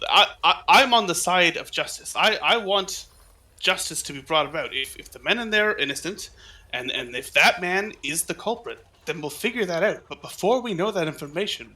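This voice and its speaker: A man playing a tabletop game, protesting loudly and jokingly. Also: high voice. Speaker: player.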